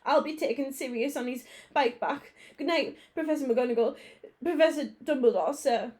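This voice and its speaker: A woman voicing a huge soft-hearted male giant who stammers and sobs. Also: sits high, normal speed, lightly acted. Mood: muffled. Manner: sobbing, stammering.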